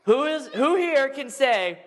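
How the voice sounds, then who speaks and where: A young man preaching to a congregation, telling a story with animated, acted-out screams and voices. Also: extremely high pitch, slow. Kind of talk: lively children's sermon storytelling.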